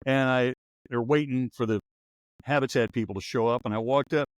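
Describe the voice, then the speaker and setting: A man's voice: mid-range voice, steady tone, fairly quick, smooth, no echo. A man in his sixties, a former radio newsman hosting a podcast, telling stories in a rambling, wry, anecdotal way. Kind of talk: casual storytelling chat.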